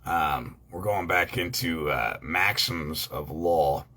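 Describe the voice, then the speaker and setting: A man's voice: very deep voice, slow pace, bright, forceful tone. A man talking casually to his viewers, rambling with many ums and uhs, blunt and with the odd swear word. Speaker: online law educator.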